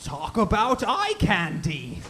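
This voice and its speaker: A man voicing a smug male chaos spirit doing a failing stand-up act, with hammy drawn-out punchlines, in a live script reading. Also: high voice, huge pitch swings, voice pushed up, full character voice. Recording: noisy home recording.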